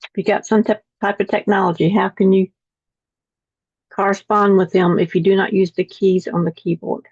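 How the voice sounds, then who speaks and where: A woman's voice: medium pitch, level tone, normal speed, a little mellow, husky, dry recording. Woman teacher reading lesson text to a video call class, dull and dry audio. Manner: reads text aloud, repeating words after slips.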